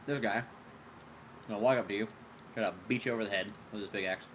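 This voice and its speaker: A man running a tabletop game as game master, narrating enemy turns and making casual quick rulings. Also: fairly low pitch, steady tone, a bit bright, slight background noise.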